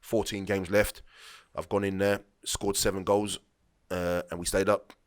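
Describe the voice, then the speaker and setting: This man's voice sits low with little pitch movement, and he takes an unhurried pace. He's a former footballer in his late thirties, guesting on a podcast and telling rambling, casual stories with restarts and acted-out dialogue.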